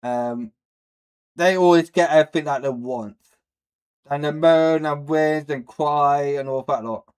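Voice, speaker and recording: British guy live streaming, slow rambly chat, lots of uhs, swears a bit, voice sits a little high. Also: darkish tone, clean tone. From Britain. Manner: rambling, answers chat, swears casually, many fillers.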